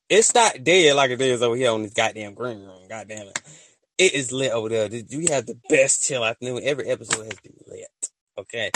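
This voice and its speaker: This solo podcast host is a man who chats casually and excitably, wandering off topic, dropping slang everywhere, and often cracking up at his own tales. His pitch is medium, and the recording has no echo.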